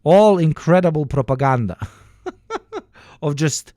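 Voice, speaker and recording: A man's voice: a little high, animated, slow, mellow, no echo, clean studio sound. A man live-streaming and reacting to clips with sarcastic, profane jokes.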